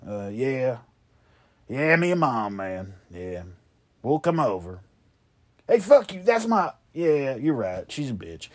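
A man hosting a comedy show, rambling and trading deadpan, profane insults in a one-sided phone call. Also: medium pitch.

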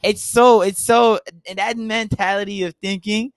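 A young man with a New York accent, co-hosting a podcast in casual, profane, animated chat. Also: sits high, moderate pace, no room sound, clean studio sound. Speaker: podcast co-host.

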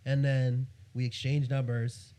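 A man's voice: mid-range voice, unhurried. A young man from New York telling a story on a podcast, acting out the other person's lines in a raised voice. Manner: animated, quotes others in a raised voice. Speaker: guest photographer. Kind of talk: casual storytelling.

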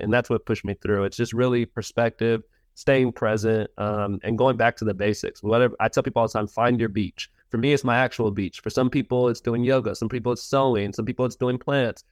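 A man's voice: mid-range voice, fairly even intonation, brisk, no room sound, clean studio sound. A man in his thirties from the United States, a podcast guest speaking earnestly and reflectively about setbacks, often restarting his words. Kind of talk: reflective interview talk.

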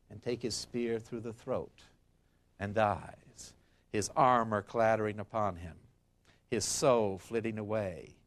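A man giving a history lecture, retelling an ancient tale dramatically and acting out the quotes. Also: on the low side. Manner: dramatic and expressive, acts out quotes. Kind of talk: storytelling lecture.

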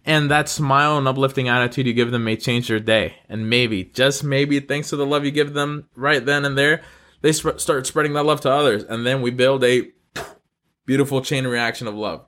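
Speaking at normal speed with fairly even intonation, a man with a medium-pitched, fairly bright voice hosts an upbeat podcast full of good news. He's from North Carolina and addresses listeners earnestly, encouragingly and affectionately.

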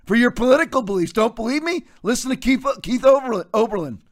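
Man, political commentary host, high voice, emphatic, mocking. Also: lively intonation, fast. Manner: emphatic, mocking, folksy asides.

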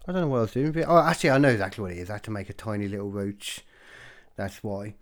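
A man's voice: fairly low pitch, animated. Rambling sweary young British man. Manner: rambling, self-mocking, sweary, quick swings between loud and mumbled. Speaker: podcaster and stand-up comic. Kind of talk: casual solo chat.

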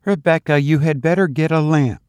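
A man with a husky voice reading the lines of a fierce, anxious woman in a storybook, pitched well above his own voice. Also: brisk, a little mellow, dry recording, lightly acted. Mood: tense.

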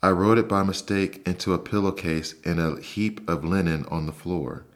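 A man's voice: sits low, normal speed, lightly acted. Man voicing a guilty little mouse. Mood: miserable. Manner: hesitant, apologetic. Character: young male mouse, guilty and ashamed.

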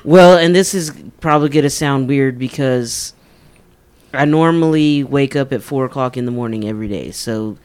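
A man on a podcast chatting in halting bursts full of restarts. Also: mid-range voice, darkish tone, clear, resonant tone. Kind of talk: casual chat.

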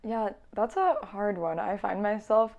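A young woman student co-hosting a podcast, chatting in a relaxed, jokey way and giggling often. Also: medium pitch, unhurried, gravelly, highs cut off. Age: young adult. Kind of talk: casual podcast chat.

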